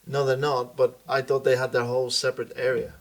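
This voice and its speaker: A man's voice: mid-range voice, completely flat delivery. Teasing man in podcast banter. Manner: quick teasing comebacks. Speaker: podcast co-host. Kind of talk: casual joking banter.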